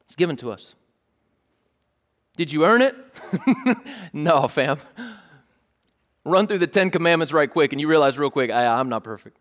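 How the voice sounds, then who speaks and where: Young man, pastor, casual animated sermon, raised pitch, echoing church hall. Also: measured pace, long pauses. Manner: casual, animated preaching with crowd prompts.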